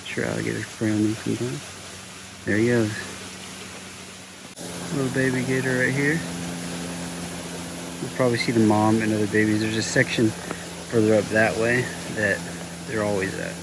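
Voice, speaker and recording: A young man with a casual, excited manner narrates an outdoor reptile-spotting vlog in a park, often talking softly to the animals. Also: lowish voice, moderate pace, long pauses. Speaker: reptile vlogger. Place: outdoors in a state park and an alligator farm. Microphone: camera-mounted shotgun mic. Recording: outdoor recording with clear background noise.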